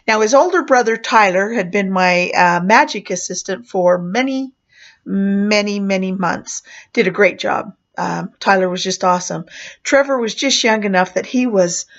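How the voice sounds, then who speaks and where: A woman who performed as a clown, chatting through a personal story with fillers and small laughs. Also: mid-range voice. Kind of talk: casual spoken memoir. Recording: muffled lo-fi recording.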